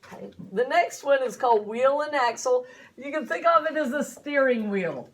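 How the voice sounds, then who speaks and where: A woman's voice: high-pitched, expressive, normal speed, slight background noise. A woman teacher giving a chatty classroom lecture, often asking her students questions.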